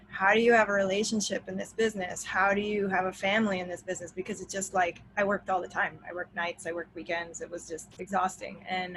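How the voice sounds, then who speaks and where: A woman's voice: mid-range voice, bright, forceful tone, a little hiss or hum, low-quality recording. A pregnant woman in her thirties, speaking candidly as a panelist on a video call. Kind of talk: casual panel talk.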